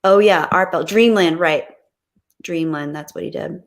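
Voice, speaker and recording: A woman's voice: on the low side, unhurried. Bubbly woman thanking viewers. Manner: bubbly, gushing thanks, giggly. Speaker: live streamer reading super chats. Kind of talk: casual live-stream chat.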